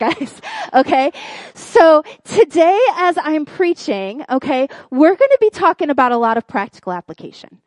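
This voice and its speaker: A woman, a pastor's wife, preaching in church and telling a funny personal story in an animated way. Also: sits high, normal speed, no echo. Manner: animated storytelling, acts out quoted voices. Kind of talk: sermon with a humorous personal story.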